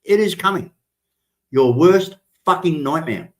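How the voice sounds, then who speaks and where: A man's voice: on the high side, lively intonation, unhurried. A man hosting a live stream, ranting in a threatening, profane and emphatic way.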